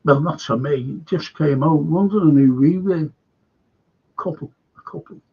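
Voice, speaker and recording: On a current affairs livestream with muffled, lo-fi sound, a Liverpool-accented man tells a wandering, sincere story, backtracking and digressing often. His voice is fairly high with a breathy edge, and he takes his time.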